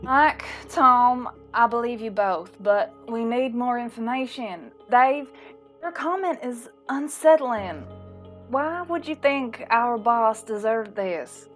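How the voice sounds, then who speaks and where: A woman reading a calm, take-charge coworker. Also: fairly high pitch, faint music behind. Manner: measured, takes charge. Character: calm, level-headed female coworker Sarah. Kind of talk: table read of a script.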